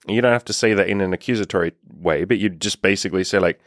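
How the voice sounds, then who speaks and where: A man's voice: lowish voice, quick pace, few pauses, a bit bright, no room sound, studio quality. A man giving dating advice as a coach in a casual, blunt monologue, swearing freely and leaning on "like" as a filler. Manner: blunt, profane, lots of "like" fillers.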